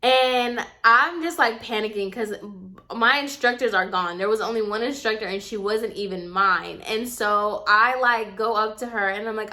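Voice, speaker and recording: Young woman doing a storytime vlog, bright kinda high voice, chatty, lots of y'all and like. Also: moderate pace. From Puerto Rican heritage. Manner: chatty, animated, addresses viewers as y'all, acts out quotes. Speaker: vlogger. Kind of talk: casual storytime.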